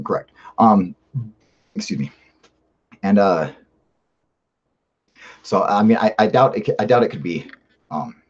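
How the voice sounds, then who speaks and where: A man's voice: lowish voice, a little mellow, husky, highs cut off. A man hosting a live stream, reading viewer comments and answering in a rambling, emphatic, profane way. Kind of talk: casual live-stream chat.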